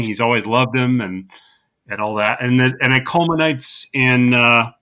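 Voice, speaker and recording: Bright, animated man recapping a movie. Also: mid-range voice. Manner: laughs often, quotes film lines in a deadpan. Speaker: podcast co-host. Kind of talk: casual movie-recap chat.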